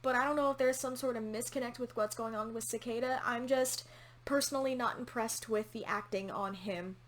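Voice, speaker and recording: A woman's voice: a little high, fairly quick. A woman hosting a casual TV episode reaction, candid and opinionated, swearing casually as she talks. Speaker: reaction channel host.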